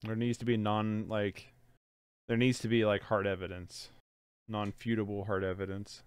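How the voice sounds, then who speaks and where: A man's voice: on the low side, little pitch movement, moderate pace, clean tone, dry recording. A sleepy young man with a stuffed-up nose, rambling casually through a movie watch-along and saying "like" a lot. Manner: rambling, filler-heavy, says "like" often. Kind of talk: casual movie reaction commentary.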